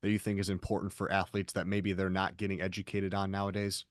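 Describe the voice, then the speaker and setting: Male podcast host, deep voice, earnest, dry close mic. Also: completely flat delivery, fast talker, no room sound. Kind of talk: interview questions.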